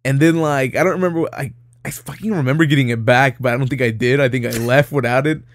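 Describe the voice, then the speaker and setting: A man's voice: medium pitch, quick pace, dry recording, clean studio sound. A young man, chatting casually on a podcast, rambling through a story with lots of laughs and swearing. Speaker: podcast co-host. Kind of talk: casual chat.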